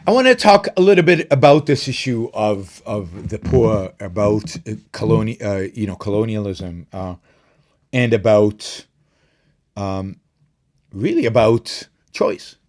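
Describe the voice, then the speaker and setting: A middle-aged man hosting a live stream, talking casually, rambling with fillers and restarts, and rising in pitch when he makes a point. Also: sing-song, measured pace, long pauses. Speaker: show host.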